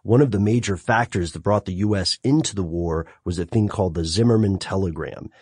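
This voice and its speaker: A man co-hosting a casual podcast, talking in an animated, emphatic way and laughing often. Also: low-pitched, a little fast, slightly rough, dry recording. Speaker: podcast co-host.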